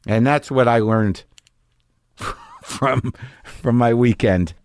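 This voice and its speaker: A man's voice: mid-range voice, wildly swooping pitch, slow pace, long pauses, dry recording, clean studio sound. A man hosting a podcast, musing in a rambling, self-deprecating way and chatting casually with a guest. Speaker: podcast host. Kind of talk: casual chat.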